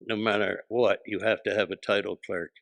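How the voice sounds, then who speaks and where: A man with a gravelly, low-set voice that still sounds bright and forward. He tells relaxed stories in casual conversation as a guest, recorded dry and close. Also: moderate pace, no room sound. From New Jersey. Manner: laid-back anecdotes with animated quoted voices. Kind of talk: casual storytelling chat.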